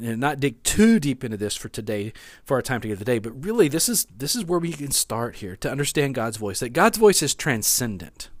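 A man's voice: mid-range voice, no room sound, clean studio sound. A man preaching a sermon in an earnest way, repeating key phrases for emphasis and often restarting his sentences. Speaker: pastor.

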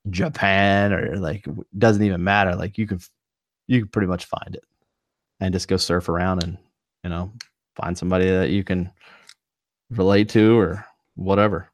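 A very deep-voiced man, a streamer co-hosting a laid-back podcast over a video call, rambles with lots of "like," "you know," and restarts. His tone is steady at normal speed with frequent pauses, and the sound is dry and close with no room echo.

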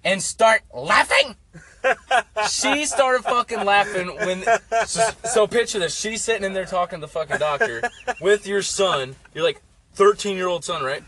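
A man's voice: high voice, normal speed, crowd noise. A young man telling stories in a casual, profane, rambling way, full of "like". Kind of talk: casual storytelling chat. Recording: faint background noise.

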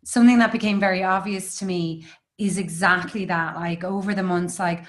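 A woman's voice: on the low side, steady tone, moderate pace. Thoughtful woman hosting. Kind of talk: casual interview chat.

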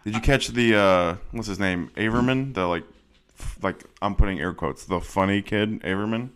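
Deep-voiced man with wry asides. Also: normal speed, smooth. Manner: wry, sarcastic asides, trails off quietly. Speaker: podcast co-host. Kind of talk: casual chat.

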